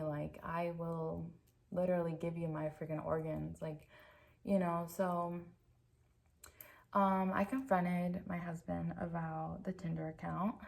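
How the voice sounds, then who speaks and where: A woman's voice: fairly low pitch, vocal fry, darkish tone. A young woman telling a personal story to her camera in a rambling, frank, profane way, filling her talk with "like". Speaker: vlogger. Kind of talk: casual storytime vent.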